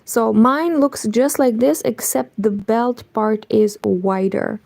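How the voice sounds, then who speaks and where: A young woman chatting casually in a hushed, partly whispered voice while she crochets, rambling and correcting herself as she goes. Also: fairly high pitch, steady tone, slow, vocal fry, no echo. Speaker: crochet vlogger.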